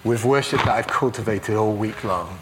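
A man from England giving a sermon as a preacher, chatty and self-deprecating, with quick asides. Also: fairly low pitch, noisy background.

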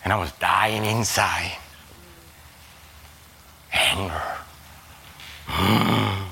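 A man preaching a sermon in a slow, halting way, repeating words and swinging suddenly between a low murmur and a high, loud cry. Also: expressive, slight background noise. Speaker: pastor.

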